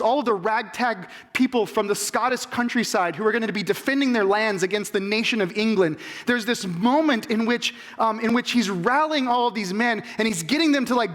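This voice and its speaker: A pastor with a high, slightly bright voice preaches a sermon. He's emphatic and keeps putting rhetorical questions to the congregation.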